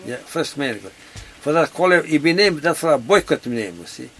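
A man's voice: a little high, expressive, normal speed, fairly bright tone. An older man from Yugoslavia with a Yugoslavian accent, speaking broken English and often repeating "you see" in an oral history interview. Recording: 1970s tape with background noise.

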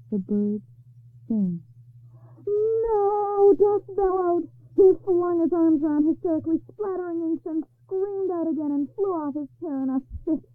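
A woman storyteller on a radio program, calmly reading a story aloud in a measured way. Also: sits high. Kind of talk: scripted narration. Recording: narrow phone-like radio sound.

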